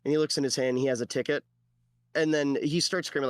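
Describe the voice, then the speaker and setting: A man narrating as game master in a relaxed way, with lots of fillers. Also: medium pitch, fast, no room sound.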